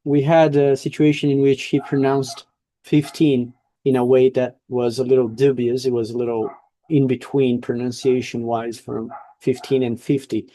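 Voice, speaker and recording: A man's voice: medium pitch, level tone, normal speed, warm tone, no echo. Man teaching an online english class. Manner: explaining, coaching, frequent checks.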